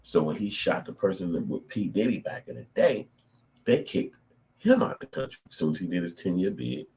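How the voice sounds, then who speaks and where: Brief: middle-aged man, very low voice, profane and animated commentary. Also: moderate pace. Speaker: channel host. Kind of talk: casual commentary.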